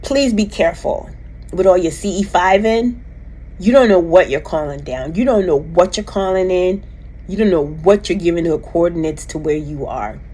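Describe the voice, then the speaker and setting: A woman telling a personal story in a casual, animated way, emphatic and rambling with restarts. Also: on the low side, normal speed, husky, low-quality recording. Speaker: vlogger recounting a personal experience.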